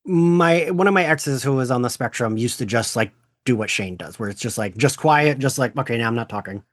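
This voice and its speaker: A man hosting a podcast in casual chat, animated and laughing often as he acts out quotes. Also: mid-range voice, brisk, dry recording, clean studio sound. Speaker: podcast host.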